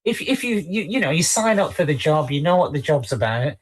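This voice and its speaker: Halting co-host, mid-pitched. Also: big pitch swings, husky. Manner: halting, repeats words, lots of fillers. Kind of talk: casual podcast chat.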